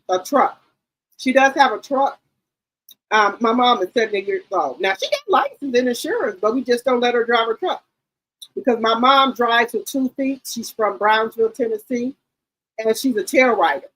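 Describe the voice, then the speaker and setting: A middle-aged woman hosting a livestream, telling stories in a casual, animated, slangy chat and often repeating herself. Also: on the high side, low-quality recording. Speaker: livestream host.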